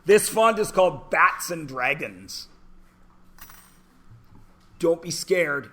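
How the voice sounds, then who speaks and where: A man's voice: a little high, animated, takes it slowly, pushed and bright. A man in his forties teaching a math class, chatty and joking, asking the class questions in between. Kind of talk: classroom lecture with anecdotes.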